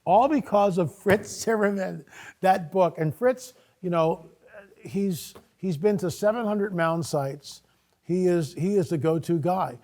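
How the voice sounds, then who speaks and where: A man guest on a talk show, telling a personal story in a casual, animated way and acting out his own dialogue. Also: sits high, unhurried. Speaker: guest speaker.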